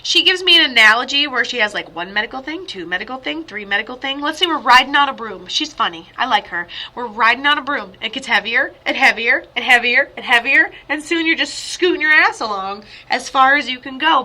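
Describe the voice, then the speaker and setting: A woman psychic medium giving a chatty, rambling spirit reading over a video call, with sudden excited outbursts. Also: on the high side, a little fast.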